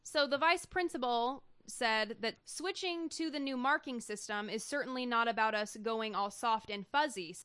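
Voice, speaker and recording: Crisp, bright-voiced teasing woman. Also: fairly high pitch, moderate pace, few pauses, no echo. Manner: dry, teasing, brings up news stories. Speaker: podcast co-host. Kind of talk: casual comedic chat.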